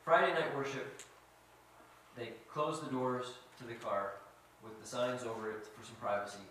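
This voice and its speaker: A man telling a story as a sermon, animated and quizzing his audience. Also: medium pitch, moderate pace, a little hiss or hum. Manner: animated, asks the audience questions. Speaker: guest speaker. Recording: very echoey hall, mic at a distance.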